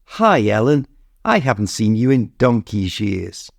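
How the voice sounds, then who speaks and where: A man's voice: fairly low pitch, very animated, unhurried, vocal fry, no echo, studio quality, full character voice. A man with a British accent voicing a cheerful, chatty uncle who likes a quip. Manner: chatty, quippy.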